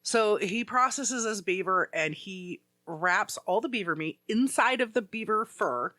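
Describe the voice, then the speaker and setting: Casual podcast co-host, male, high and bright, rambling storyteller. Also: animated, a little slow, no room sound. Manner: rambling storyteller, heavy use of "like". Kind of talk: casual chat.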